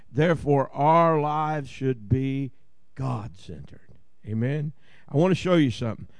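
A pastor with a Southern Ohio accent preaches a sermon in a medium-pitched, slightly mellow voice, recorded dry. His manner is folksy and full of jokes, and he keeps asking the congregation "Amen?"

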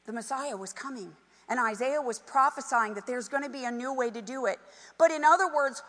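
A woman preaching a sermon, animated and emphatic, with conversational asides to the congregation. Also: high-pitched, brisk, long reverb tail. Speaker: pastor.

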